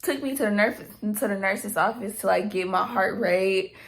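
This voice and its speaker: A young woman spins a casual storytime to camera. She talks in animated, slangy bursts and swears freely. Her voice sits at an ordinary middle pitch. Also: moderate pace. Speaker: vlogger.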